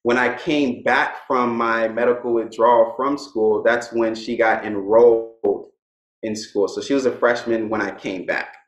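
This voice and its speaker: A young man, a guest in a casual interview, telling his stories in a relaxed way and laughing often. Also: mid-range voice, measured pace, reverberant, rough recording.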